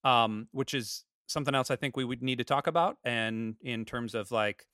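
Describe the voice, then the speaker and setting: A man from Florida co-hosting a church podcast, telling stories in a lively casual way and acting out quoted lines. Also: medium pitch, moderate pace, clean tone, dry recording, studio quality. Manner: animated storyteller, acts out quotes. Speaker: podcast co-host. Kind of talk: casual chat.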